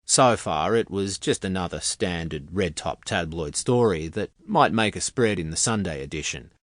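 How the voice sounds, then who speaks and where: A man's voice: low-pitched, lively intonation, normal speed, no room sound. A man narrating a novel in the first person, with a wry, conversational storytelling manner, close on the mic. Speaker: audiobook narrator.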